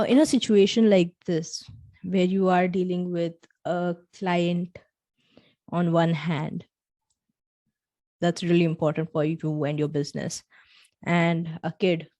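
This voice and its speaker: A woman's voice: fairly low pitch, warm tone. A young adult woman hosting a solo podcast. She talks earnestly and straight to the listener, acting out small dialogues as she tells a story. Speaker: podcast host.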